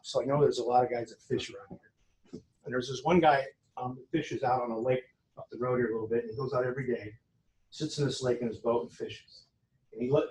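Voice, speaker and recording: In a conference room, a man coaches agents through a live seminar, talking conversationally, telling anecdotes and often restarting his sentences. His mid-range voice is a little mellow, and the poor recording carries some hiss or hum.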